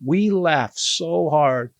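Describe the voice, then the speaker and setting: A man's voice: fairly high pitch, expressive, drawn-out words, dry recording. Joking middle-aged man, dry close sound. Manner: joking, laughs often, asks questions. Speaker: podcast co-host. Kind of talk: casual podcast chat.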